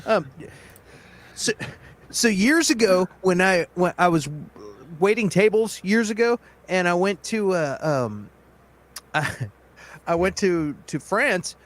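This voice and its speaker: High-voiced man telling a story. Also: takes it slowly, pauses often. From Texas. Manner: animated, self-mocking anecdote with acted quotes. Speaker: co-host. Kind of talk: casual chat, storytelling.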